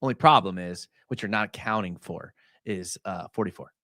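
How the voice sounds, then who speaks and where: A young man hosting a casual live stream. He breaks down game film in a chatty way, full of fillers, and gets excited as he talks. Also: sits low, normal speed, dry recording, clean studio sound.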